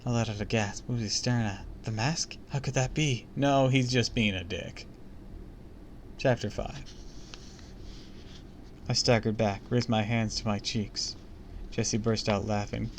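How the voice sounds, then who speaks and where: A man's voice: fairly low pitch, fairly even intonation, unhurried, long pauses, slight background noise. Chatty man reading a book aloud. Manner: chatty, comments and jokes between passages. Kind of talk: casual read-aloud with asides.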